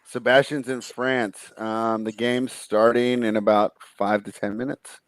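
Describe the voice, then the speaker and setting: A man's voice: medium pitch, flat delivery, a little slow, dry recording. A man co-hosting a casual sports betting chat, easygoing and reading viewer comments aloud. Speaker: co-host.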